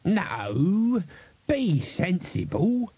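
Man reading a wheedling male hustler in a fantasy audiobook, dark, husky voice, dry sound. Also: high-pitched, big pitch swings, drawn-out words, no echo, voice pushed up, full character voice. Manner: wheedling, soothing. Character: smooth-talking male street trader and promoter. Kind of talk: audiobook character voice.

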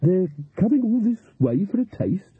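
A jolly, bustling woman cook, voiced by a man, chatters eagerly in a raised, husky voice. The storybook reading sounds tinny and dry, like it came down a phone line. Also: high voice, very animated, moderate pace, no echo, pitched above the performer's own voice, full character voice. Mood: chatty.

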